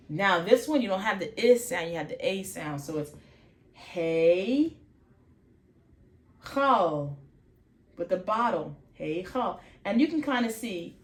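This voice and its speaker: A woman teaching vocabulary in an informal lesson, slowly sounding out letters and repeating each word many times, often correcting herself. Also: fairly low pitch, echoey room. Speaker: faith channel host teaching vocabulary.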